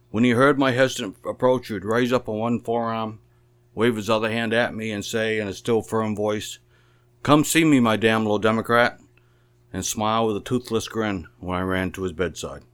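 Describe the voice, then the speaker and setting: A man reading aloud a memoir about his own family, telling it in a measured, plain storytelling manner. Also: on the low side.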